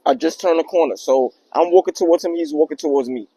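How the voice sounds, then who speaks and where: Young man, higher voice, casual slangy storyteller, vlog style. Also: quick pace, husky, rough recording. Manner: slangy, animated retelling with acted quotes. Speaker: vlogger telling a personal story.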